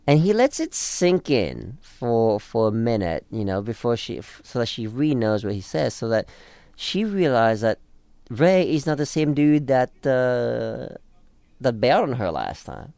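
Here's a mid-range male voice, a little slow with vocal fry and no echo. As a podcast co-host in casual conversation, he animatedly breaks down a TV episode and acts out quotes in various voices.

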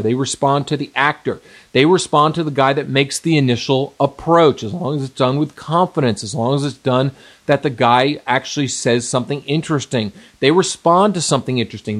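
A middle-aged man giving an emphatic seminar talk as a dating coach, repeating points and addressing the men directly. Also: on the high side.

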